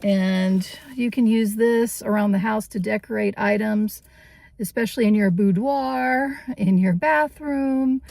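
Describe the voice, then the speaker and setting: A woman's voice: mid-range voice, measured pace, vocal fry, a little mellow, dry recording. A woman hosting a casual vintage-shopping vlog, chatty and cheerful, often laughing as she talks. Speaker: vintage vlogger.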